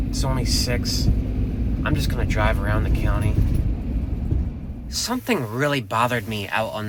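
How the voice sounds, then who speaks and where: A man's voice: medium pitch, background noise. A man narrating a casual travel vlog to camera, thinking aloud in a loose, unsure, chatty way. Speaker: van-life vlogger.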